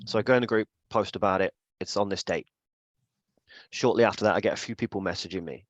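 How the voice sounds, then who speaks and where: Guy telling a story in an interview, lively, acts out all the bits, dry close sound. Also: low-pitched, quick pace, no echo, lo-fi sound. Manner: animated, acts out dialogue. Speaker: event organiser, guest.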